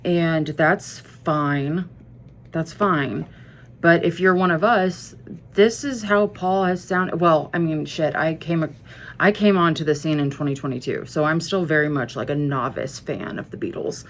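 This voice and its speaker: Low-voiced woman ranting casually. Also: moderate pace. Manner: blunt and profane, rambling with asides and self-corrections. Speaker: music vlogger. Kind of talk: casual music commentary.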